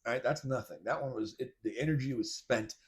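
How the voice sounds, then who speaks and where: A man's voice: medium pitch, fast talker, slightly rough. A man hosting a podcast, talking casually in a loose, rambling way with many restarts, blunt and mocking at times. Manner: blunt and mocking, with occasional swearing. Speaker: podcast host. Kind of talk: casual monologue commentary.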